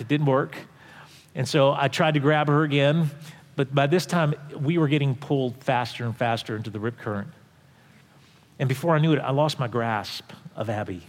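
A man preaching in a church service, telling a personal story in a conversational way, with restarts, going quiet at tense moments. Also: medium pitch, in a large hall. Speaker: pastor. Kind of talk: sermon storytelling.

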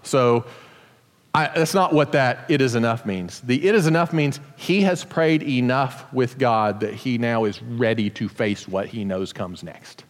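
In a church sanctuary with long hall reverb, a male pastor gives a conversational sermon, explaining scripture and slipping in joking asides. He speaks at medium pitch and a little slowly.

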